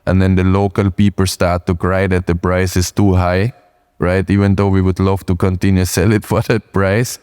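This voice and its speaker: A middle-aged man with an Austrian accent speaks in a low, even voice with little rise and fall. His tone is clear and smooth. He talks in short phrases, often checking in with "right?". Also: normal speed. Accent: Austrian German. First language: German. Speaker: invited speaker, farmer. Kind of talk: answering audience questions on stage.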